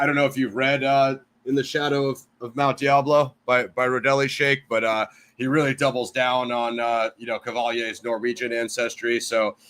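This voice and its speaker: A man's voice: mid-range voice, a bit bright. American male panelist, chatty and rambling, mid-range voice, casual discussion. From United States. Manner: rambling, heavy on "you know" and "I mean". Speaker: panel guest.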